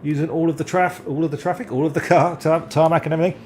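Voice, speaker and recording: A man giving live sim racing commentary, excitable and self-deprecating, often stumbling over driver names. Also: on the high side, fast talker, a little hiss or hum.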